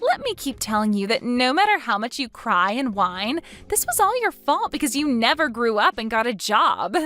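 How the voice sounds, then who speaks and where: A woman's voice: a little high, very animated, normal speed, a bit bright, faint music behind. A woman voicing a scornful young sister-in-law who stammers when flustered. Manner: stammering, indignant.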